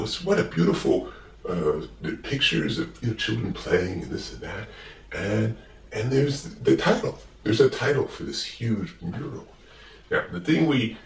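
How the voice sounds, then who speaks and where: A man's voice: low-pitched, reverberant, distant mic. A man telling a comic story in a meandering way, full of fillers and self-corrections. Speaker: comedic storyteller.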